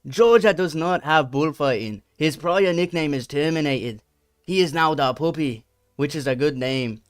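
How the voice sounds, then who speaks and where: A brash, boastful fighter holding forth in an exaggerated mock British accent, as a man puts him on for laughs. The delivery is slow and sneering, in a close, dry voice with no room sound. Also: fairly high pitch, clean tone, no echo, lightly acted. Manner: slow, mocking read-aloud. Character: brash boastful male fighter ranting online.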